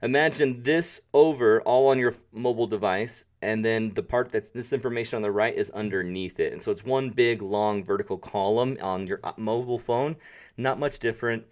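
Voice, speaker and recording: A man's voice: fairly low pitch, fairly quick. Chatty man hosting a live tutorial. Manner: chatty, self-deprecating, jokey asides. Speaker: webinar host and photography teacher. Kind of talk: casual live-stream tutorial. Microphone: desk mic, sometimes drifting off it.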